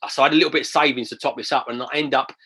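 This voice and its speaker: Chatty man with a bright voice. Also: mid-range voice, very fast, husky. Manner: chatty, animated, acts out quoted phone calls. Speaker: property investor guest. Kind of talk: casual interview storytelling.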